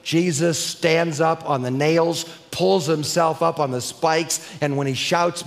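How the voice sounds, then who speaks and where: A man preaching a sermon emphatically, building to crescendos and slowing down to stress key words. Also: a little high, fairly even intonation, gravelly. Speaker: preacher and teacher. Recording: long hall reverb.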